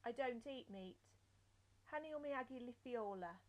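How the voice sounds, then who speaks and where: A woman's voice: on the high side, expressive. A young woman reading phrases aloud and repeating each one with its translation, as a language learner practicing her basics. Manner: slow, careful drill of phrase pairs.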